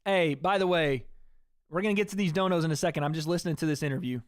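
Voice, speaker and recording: A male livestream host with a hoarse, worn-out voice, rambling casually to his chat and swearing freely. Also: fairly high pitch, fast, dry recording, studio quality.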